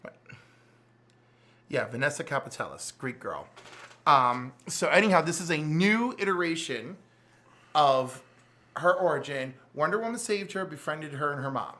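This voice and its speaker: A man with a notably high speaking voice co-hosts a laid-back chat. He gushes and jumps around in pitch as he recaps plots. His energy swings between hushed and loud. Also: normal speed, long pauses. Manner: animated and gushing. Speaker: podcast co-host. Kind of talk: casual chat.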